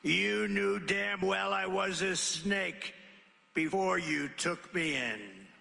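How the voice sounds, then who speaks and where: A man's voice: high-pitched, slow pace, creaky, sharp tone, slight background noise, voice pushed up, heavily acted. A man voicing a sly, vicious male snake in a recited poem, pleading and then sneering, with a long echo from a large venue. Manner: sighing, then mocking and crude.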